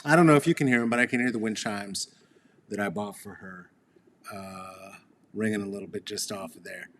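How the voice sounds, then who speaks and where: A man hosting a reflective storytelling monologue outdoors beneath a tree, talking slowly with wandering asides and fillers. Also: on the low side, fairly bright tone, slight background noise. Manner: slow, wandering, with laughs and fillers. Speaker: host.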